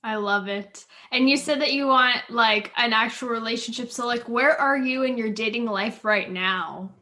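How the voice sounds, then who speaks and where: Upbeat woman host with a bright, high voice. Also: moderate pace. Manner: enthusiastic and affirming, laughs easily, rambling questions. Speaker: podcast host. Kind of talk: casual interview chat.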